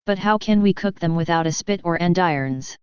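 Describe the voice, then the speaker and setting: A frank, hearty widowed farmer speaks, as a woman reads him in a very clear, slightly low voice. The recording is dry and a little dull, like a plain audiobook track. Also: fairly quick, darkish tone, no room sound, lightly acted.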